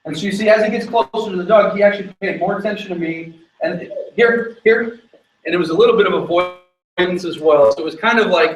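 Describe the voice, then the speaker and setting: A man's voice: sits high, roomy sound. Distant-miked man coaching a dog. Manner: explains while giving quick commands to a dog. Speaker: dog trainer. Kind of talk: on-location training demonstration.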